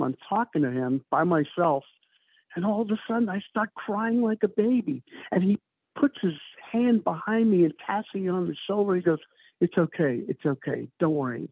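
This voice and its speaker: A man's voice: high voice, breathy edge, no echo. A man, the author of a book, telling stories in an interview in a loose, rambling way with many fillers. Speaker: author, guest. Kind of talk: conversational interview storytelling. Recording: tinny phone-like remote call.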